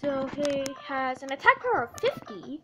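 A woman commenting casually on a puzzle game as she plays, excitable and full of little oohs and cheers. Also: high-pitched, moderate pace, noisy background. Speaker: let's play host. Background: game music.

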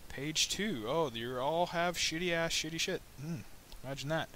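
Guy doing let's play commentary, rambly and goofy, cheap mic, bit of hiss behind him. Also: moderate pace. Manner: rambling and joking, with sudden high excited yelps. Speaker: gameplay commentator. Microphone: new budget microphone.

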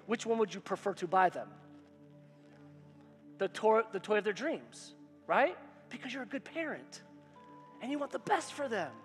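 High-voiced preaching man in echoey hall. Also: a bit bright. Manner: emphatic, repetitive preaching with call-and-response. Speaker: pastor. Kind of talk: sermon. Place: church sanctuary. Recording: hall reverb with faint music.

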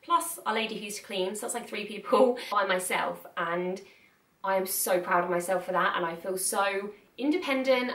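A woman's voice: mid-range voice, moderate pace, fairly bright tone, distant mic. A young woman talking candidly to camera in a chatty, earnest way, laughing often. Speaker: vlogger. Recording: echoey room, mic set back.

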